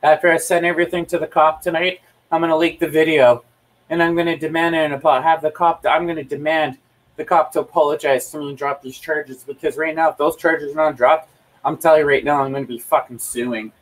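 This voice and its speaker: A man's voice: a little high, level tone, fairly quick, far from the mic, low-quality recording. Man ranting, heated and swearing. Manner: heated, swearing, repeats himself. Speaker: livestreamer. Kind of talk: angry profane rant. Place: at home.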